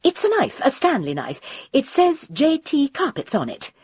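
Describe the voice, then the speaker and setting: A woman's voice: high-pitched, wildly swooping pitch, moderate pace, darkish tone, dry recording, clean studio sound, pitched above the performer's own voice, exaggerated voice. A woman voicing a polite, earnest middle-aged woman playing amateur detective in an audiobook.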